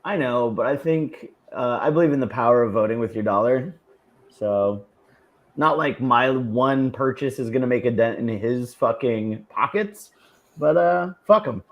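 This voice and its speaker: A man's voice: medium pitch, expressive, unhurried, lo-fi sound. Blunt, profane man in casual chat. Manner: profane, blunt, laughs often. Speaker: podcast co-host.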